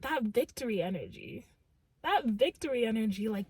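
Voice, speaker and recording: A young woman talks through a tarot reading in an earnest, emphatic way, her voice high and a little husky. She records close in a dry, dead room. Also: normal speed, no room sound. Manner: earnest and emphatic, heavy use of "like" and "literally". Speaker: tarot reader. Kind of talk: casual channeled tarot reading.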